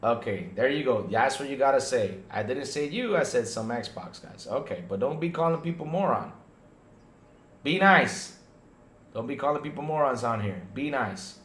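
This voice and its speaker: A man hosting a casual gaming podcast stream, animated and talking straight to his viewers, often checking in with "right?". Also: medium pitch, normal speed, reverberant. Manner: animated, talks to chat viewers, lots of "right?" and restarts. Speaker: podcast host. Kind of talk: casual livestream podcast chat.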